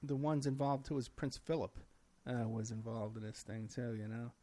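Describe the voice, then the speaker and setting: A man's voice: medium pitch, flat delivery, normal speed, mellow. A man who is a guest in a casual conversation, agreeing often and laying out details with hesitant fillers.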